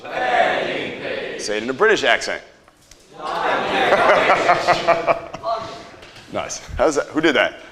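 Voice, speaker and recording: A young man running a live marketing workshop, energetic, quizzing the audience and swearing casually. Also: mid-range voice.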